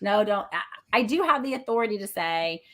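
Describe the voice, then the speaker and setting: Animated woman chatting on a podcast. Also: medium pitch, a little fast. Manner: animated, acts out quoted thoughts, laughs often. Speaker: guest, playwright and theater founder. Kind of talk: casual podcast conversation.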